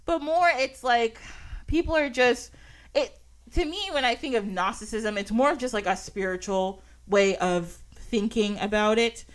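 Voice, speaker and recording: Chatty, high-voiced woman podcast host. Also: a little slow. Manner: laughs often, swears casually, animated storytelling. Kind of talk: casual chat.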